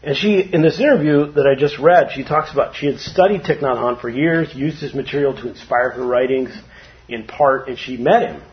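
A man giving a casual, informal dharma talk to a group, chatty and quick to laugh. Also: mid-range voice. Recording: dull lo-fi recording.

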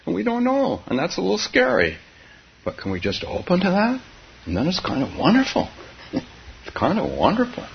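A man giving a dharma talk as a meditation teacher, soft-spoken and halting, often laughing gently between phrases. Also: high voice, huge pitch swings, vocal fry. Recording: dull, slightly hissy recording.

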